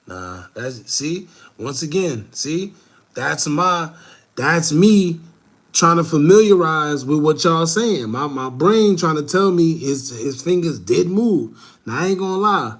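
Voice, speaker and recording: A man's voice: on the high side, expressive, slow pace. A young man, reacting to a video for viewers, breathless, laughing and swearing casually. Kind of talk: casual commentary, talking to viewers.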